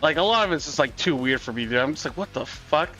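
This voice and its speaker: A man's voice: fairly high pitch, expressive, quick pace, pushed and bright, soft background music. A young man hosting a watch party stream, chatting casually and profanely, calling everyone dude. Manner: laid-back, profane, says dude a lot. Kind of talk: casual chat.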